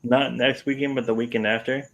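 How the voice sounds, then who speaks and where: A man's voice: mid-range voice, flat delivery, a little fast, poor audio. A man chatting loosely on a live stream and swearing casually.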